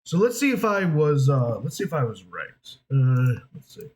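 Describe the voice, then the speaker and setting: A voice actor from New York talks casually to his viewers, thinking out loud as he rambles along. His voice rises and falls in a very lively way. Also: mid-range voice, normal speed, rough recording. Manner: rambling, many fillers, thinks aloud. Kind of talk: casual talk to camera.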